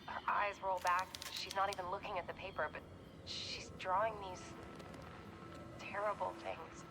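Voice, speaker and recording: A woman's voice: medium pitch, little pitch movement, normal speed, close to an everyday voice. An actress playing a worried woman in a horror game, earnestly describing her sister's trances, heard as game audio with music. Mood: anxious. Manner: anxious, earnest. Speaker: game character.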